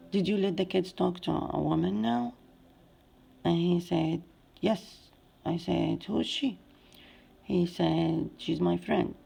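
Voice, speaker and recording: A woman in her forties with an Arabic accent, a native Arabic speaker, telling her own story in plain, halting English. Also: lowish voice, creaky, dark tone, slightly rough. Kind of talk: personal testimony.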